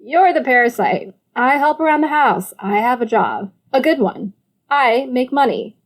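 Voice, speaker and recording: A woman voicing an irritable young adult brother who snaps back loudly in an audiobook. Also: high voice, expressive, normal speed, pitched above the performer's own voice. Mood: annoyed. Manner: loud, exasperated retorts. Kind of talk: audiobook character voice.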